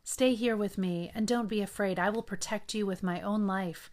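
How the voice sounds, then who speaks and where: A woman's voice: mid-range voice, normal speed, a little mellow, natural voice. A woman reading the lines of a grieving, protective young male warrior leader. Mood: grave.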